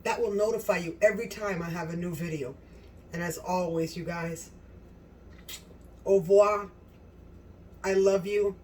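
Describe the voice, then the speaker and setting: In her home kitchen, a woman hosting a cooking channel gives a casual demonstration, gushing and exclaiming directly to viewers. Her voice is fairly low and a little mellow, with fairly even intonation at normal speed, caught by a distant mic over slight background noise.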